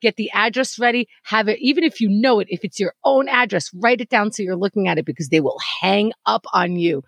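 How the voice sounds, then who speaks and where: A woman from New York chatting on a podcast as co-host, lively and acting out little scenes. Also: mid-range voice, fairly quick, creaky, no echo. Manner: lively, chatty, acts out phone calls. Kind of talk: casual chat.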